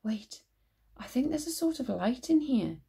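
A woman voicing a brave, fierce young girl in a storybook reading, with a bold, quick manner. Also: high-pitched, animated, creaky, mellow, breathy edge, voice pushed up, full character voice.

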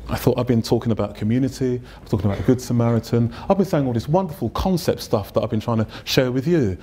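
A man's voice: medium pitch, quick pace, mellow, slightly rough. A man with an English accent, a pastor preaching a humorous storytelling sermon in a church. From England. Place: church sanctuary.

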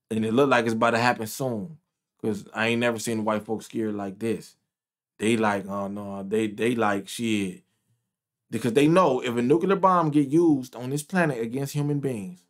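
A man ranting and reacting to news clips, loud and profane, repeating his points over and over. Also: lowish voice. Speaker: commentator.

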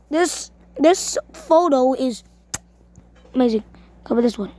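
A woman giving casual, excitable gameplay commentary, shrieking and cursing at what happens in the game. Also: high voice, normal speed. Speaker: gamer.

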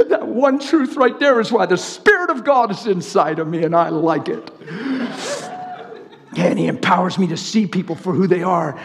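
A male preacher delivering a fervent, excitable sermon, swinging between shouting and hushed tones. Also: high voice, vocal fry. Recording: reverberant hall.

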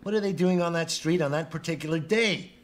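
An actor playing a bossy detective in a comedy sketch, speaking in a clipped, commanding way. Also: male voice, fairly high pitch, fairly quick, close to an everyday voice.

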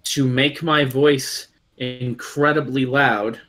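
A man's voice: mid-range voice, steady tone, takes it slowly, background noise. A man playing a tabletop game who hesitates and thinks aloud about his moves. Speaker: player.

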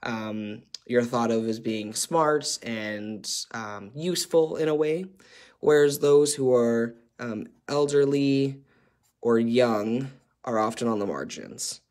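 A man's voice: medium pitch, slow, darkish tone. A man facilitating a workshop, explaining a chart in a conversational way with frequent ums and uhs.

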